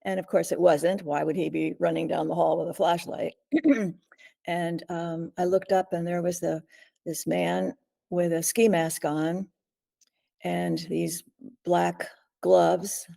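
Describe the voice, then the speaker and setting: An older woman tells her story in a dark, mellow, strongly gravelly voice. She speaks haltingly and earnestly, pausing and clearing her throat often. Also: lowish voice, little pitch movement. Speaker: guest, survivor and author. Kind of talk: recounting a personal ordeal in an interview.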